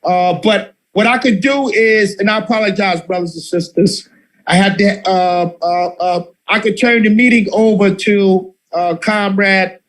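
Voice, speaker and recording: A man with a high-pitched voice leads a political study group. He speaks fiery and impassioned, circling back over his own phrases and stumbling through "uh"s as he presses his point. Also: steady tone, unhurried, a bit bright, poor audio. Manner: fiery, repeats phrases, many fillers.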